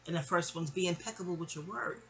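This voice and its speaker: A middle-aged woman from New York tells a personal story to the camera in a loose, chatty storytime monologue. Her voice is bright and forward. She talks in an animated way and keeps slipping into other people's voices as she goes. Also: on the low side, fast talker.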